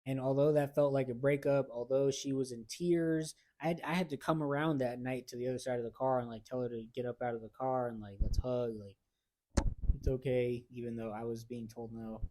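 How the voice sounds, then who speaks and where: A man's voice: medium pitch, fairly even intonation, a little fast, dark tone. A young man co-hosting a podcast, telling a personal story in slangy casual chat with acted-out quotes. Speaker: podcast co-host.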